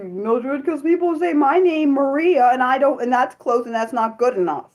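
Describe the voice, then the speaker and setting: A woman's voice: moderate pace, few pauses. Young woman rambling on her livestream, swears a lot, jumps from squeals to mumbles. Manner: expressive, swinging from laughing squeals to low mutters; self-deprecating and apologetic, with frequent swearing. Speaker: livestream host. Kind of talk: unscripted livestream chat with viewers.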